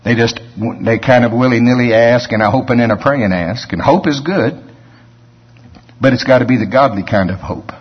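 A man preaches in a relaxed, storytelling way, stepping aside to talk straight to his listeners. His mid-pitched voice is husky. The recording sounds dull and lo-fi. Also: moderate pace. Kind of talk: sermon.

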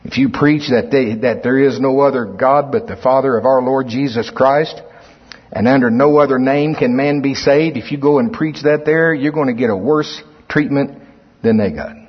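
Husky preacher in a reverberant hall. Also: male voice, mid-range voice, moderate pace. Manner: reads scripture aloud then explains it, emphatic swells in volume. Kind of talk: sermon. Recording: muffled lo-fi recording in a reverberant hall.

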